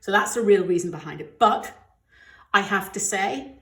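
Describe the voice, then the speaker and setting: A middle-aged UK woman, a budgeting vlogger, chats candidly while counting out cash for her weekly budget and sometimes gets emotional. Her voice is an ordinary middle pitch at normal speed. The audio is roomy and echoey, from a room at home.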